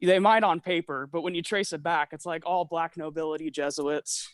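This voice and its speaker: Slightly out of breath as he walks, a man with a somewhat higher, a bit bright and smooth voice chats about conspiracies on a long call. His intonation is fairly even and his pace moderate, though he piles up fillers and abandoned restarts. The recording is dry and close, with no room around it.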